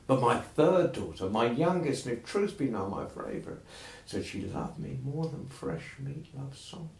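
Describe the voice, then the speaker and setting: A man's voice: mid-range voice, big pitch swings, measured pace, vocal fry, voice pushed up. A man putting on a grieving old father. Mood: remorseful. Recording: roomy echo.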